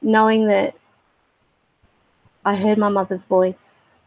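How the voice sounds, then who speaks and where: A middle-aged woman telling a personal story on a livestream, halting and reflective with many fillers. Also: mid-range voice, flat delivery, no room sound, dull audio. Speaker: spiritual livestream host.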